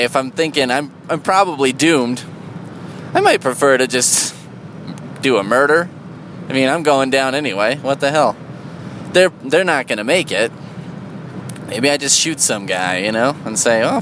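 A man's voice: animated, normal speed, long pauses. Profane rambling man, faint traffic behind. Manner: jumps into a high, loud voice for emphasis. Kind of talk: casual rambling monologue.

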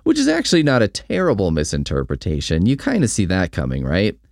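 Man, book reviewer: low gravelly voice, lively sarcastic delivery, dry close mic. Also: fairly quick, no room sound. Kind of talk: casual spoken book review.

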